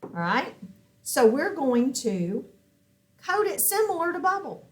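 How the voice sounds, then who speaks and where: A woman's voice: high-pitched, very animated, a little slow. A woman teaching a phonics lesson at a whiteboard, patiently asking questions and answering them herself. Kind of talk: recorded classroom lesson at a whiteboard.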